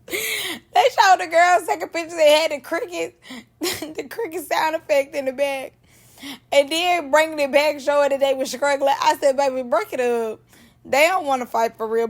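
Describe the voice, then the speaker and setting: A woman giving casual reaction commentary on a reality show, animated and slangy, laughing often between remarks. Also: high-pitched, gravelly.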